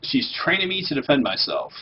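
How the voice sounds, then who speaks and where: A man's voice: medium pitch, wildly swooping pitch, brisk, lo-fi sound, a little hiss or hum. A man hosting a game livestream, chatting casually and joking while he plays and reads quest text aloud. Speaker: livestream host playing a game. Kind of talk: casual chat over gameplay.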